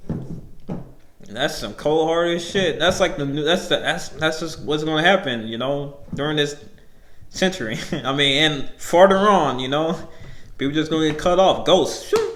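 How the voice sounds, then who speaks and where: A man's voice: on the high side, a little slow, a bit bright, reverberant. A nineteen-year-old man hosting a podcast solo, telling a story in loose, rambling, profane talk that often breaks into laughs. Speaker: podcast host.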